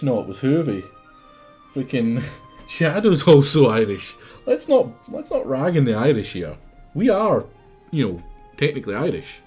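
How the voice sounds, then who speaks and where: A man's voice: medium pitch, big pitch swings, moderate pace, a little mellow, soft background music. A Scottish man streaming a game live, chatting and teasing his viewers in a casual, chatty way.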